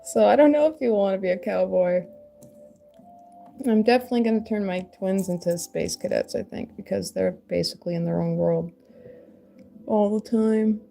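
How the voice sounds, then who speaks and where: Mom chatting while she sculpts, mellow warm voice, rambles and laughs a lot. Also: medium pitch, moderate pace, creaky, faint music behind. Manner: rambling, laughs often, self-deprecating. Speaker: crafter and mother. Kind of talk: casual chat while sculpting.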